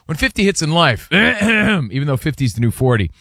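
A man co-hosting a sports radio show, his voice sitting a little high and swinging widely in pitch. He banters loosely, often laughs at his own stumbles, and speaks into a studio mic with a dry, close sound and faint music underneath. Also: dry recording. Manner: lively, joking, quick to laugh at himself. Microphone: studio microphone.

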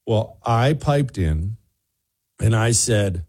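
A man hosting a show, telling a lively anecdote in casual chat and acting out the people in it. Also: medium pitch, takes it slowly. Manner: animated anecdote telling, voices other people in quotes. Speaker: radio show host.

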